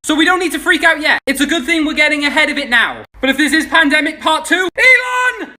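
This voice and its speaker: A man doing comic science commentary, excitable and sweary, breaking into shouted punchlines. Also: very high voice, fast. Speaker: social media creator.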